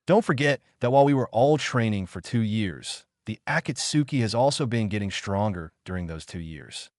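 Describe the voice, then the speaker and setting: A man's voice: fairly low pitch, expressive, moderate pace, no room sound, clean studio sound, natural voice. A man voicing a serious teenage boy ninja who lectures bluntly, in a storybook reading. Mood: stern.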